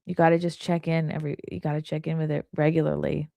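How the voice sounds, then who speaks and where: A woman with a deep, creaky, dark-toned voice hosts a livestream, talking fast with little pitch movement. She rambles chattily, uses "like" heavily, makes earnest asides, and reads viewer comments between stories; the audio has no echo.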